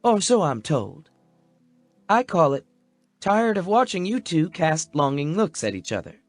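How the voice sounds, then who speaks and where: A man voicing a deadpan sarcastic young woman. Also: fairly high pitch, a little slow, dry recording, soft background music, voice pushed up. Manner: caustic near-monotone deadpan. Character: dry sarcastic young woman, standoffish loner.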